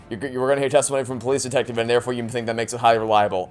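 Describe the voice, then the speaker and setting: A man commentating on a game he is playing for the first time, animated and sarcastic. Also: medium pitch, very fast, few pauses, soft background music. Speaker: let's play host. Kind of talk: gameplay commentary.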